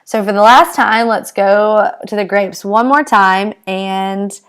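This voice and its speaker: A woman chemistry teacher, summarizing each problem in a brisk, plainly spoken way. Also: medium pitch, a bit bright, clear, resonant tone. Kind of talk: explaining with drawings.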